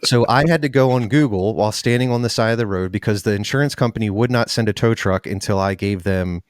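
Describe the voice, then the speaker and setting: A man's voice: on the low side, quick pace, no room sound, studio quality. A man hosting an interview show, asking questions and telling a chatty story in a casual way. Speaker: podcast host.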